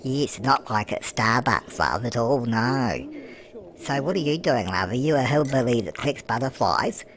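With lively intonation, a medium pitch, a slightly bright tone, and a normal pace, a man performs comic let's-play commentary as a gossipy old British gran. Background music plays while she fusses and teases her way through a life-sim game, cooing "love" and answering her own questions.

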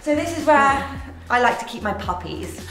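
A woman's voice: high voice, big pitch swings, normal speed. Giggly young woman in an echoey room. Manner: mock-posh, giggly, teasing. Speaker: vlogger giving a joking house tour. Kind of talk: casual playful tour chat. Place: rooms of a large house, indoors. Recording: echoey rooms with music behind.

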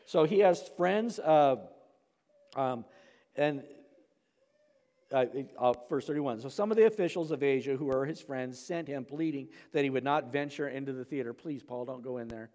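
A man's voice: medium pitch, moderate pace, mellow. A man preaching a verse-by-verse sermon as pastor, talking casually with frequent "okay?" and "right?" asides. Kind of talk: expository sermon. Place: church sanctuary. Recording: long hall reverb.

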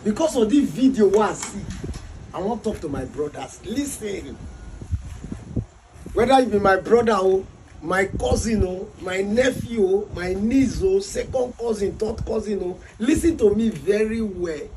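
A man's voice: high-pitched, expressive, unhurried, noisy background. A man with a Nigerian accent delivering a preachy, repetitive comic rant, often breaking into laughter. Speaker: comedy skit host.

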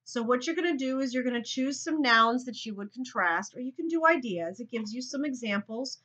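A woman's voice: a little high, animated, a little fast, sharp tone, lo-fi sound. A woman teacher giving a recorded grammar lesson, thinking aloud and talking straight to her students.

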